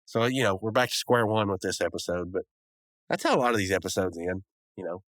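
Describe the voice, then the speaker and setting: Rambling low-voiced man recapping a cartoon. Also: quick pace, a bit bright, no room sound, studio quality. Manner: rambling, full of fillers and restarts. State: sick. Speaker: podcast host reviewing cartoon episodes. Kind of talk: casual recap and review.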